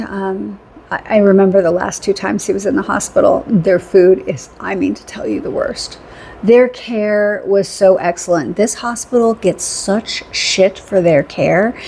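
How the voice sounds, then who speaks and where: A woman's voice: mid-range voice, dark tone, slight background noise. A middle-aged woman telling a rambling story in a casual vlog, chatty, laughing often and repeating phrases for emphasis. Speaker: vlogger.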